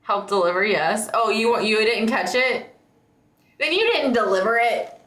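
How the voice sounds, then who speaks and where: A woman's voice: on the high side, moderate pace, fairly bright tone, slight background noise. A woman streamer in casual livestream chat, teasing and laughing often. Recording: echoey room.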